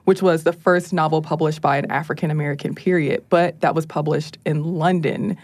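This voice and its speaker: A woman guest on a podcast, calmly presenting a historical figure in a casual, even way in a studio. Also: low voice, brisk, no room sound. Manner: calm, even delivery. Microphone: studio mic.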